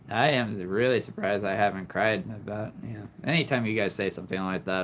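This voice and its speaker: Guy on a livestream talking to chat, kinda low voice, earnest and heartfelt, a little hiss behind. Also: moderate pace, a bit bright. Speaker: livestream host. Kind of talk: live chat with viewers.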